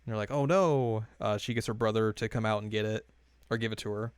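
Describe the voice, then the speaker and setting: A man's voice: on the low side, completely flat delivery, fast talker, clear, resonant tone, no room sound. Young male podcast co-host, casual rambling recap, clean resonant tone, dead-dry room. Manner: rambling, many fillers, laughs while retelling scenes.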